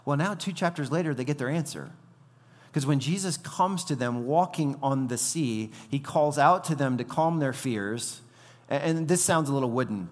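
Preacher in a reverberant hall. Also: male voice, medium pitch, normal speed. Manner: animated storytelling, acting out quoted lines. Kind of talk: sermon.

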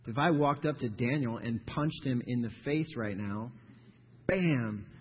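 Husky male pastor, preaching with emphatic, forceful stresses in a reverberant church. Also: medium pitch, measured pace. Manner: emphatic, builds to forceful stressed phrases, repeats words. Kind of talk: sermon. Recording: dull sound with long hall reverb.

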